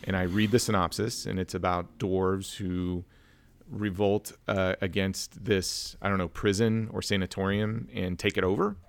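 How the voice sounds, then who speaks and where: A man's voice: deep voice, flat delivery, normal speed, gravelly, smooth. A man co-hosting a casual film review chat, telling stories and acting out family dialogue. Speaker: podcast co-host.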